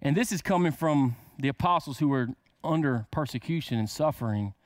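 A man's voice: a little high, animated, a little fast, dry recording. A man preaching a casual sermon to camera, asking rhetorical questions and drawing words out for emphasis.

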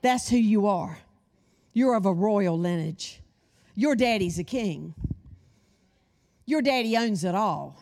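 A woman's voice: medium pitch, animated, slow, pauses often, darkish tone. A middle-aged woman teaching a sermon, addressing the congregation with questions and call-and-response. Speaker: women's Bible study teacher.

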